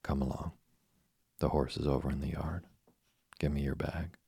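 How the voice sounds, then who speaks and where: A man reading aloud as a shy, awkward older farmer, in his own deep voice. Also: fairly even intonation, moderate pace, creaky, warm tone, slightly rough, dry recording, exaggerated voice. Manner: brief, shy.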